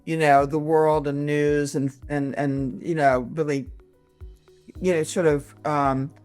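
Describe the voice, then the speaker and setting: A Michigan woman in her sixties appears as a comedian guest in a casual interview, animated and quick with asides and restarts. Her voice sits low with a clean tone, and faint music plays behind her.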